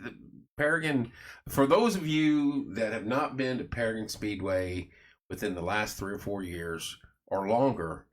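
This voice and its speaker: A man's voice: on the low side, fairly bright tone. Chatty male talk show host. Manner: chatty storyteller, reads viewer comments aloud. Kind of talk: casual chat. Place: studio.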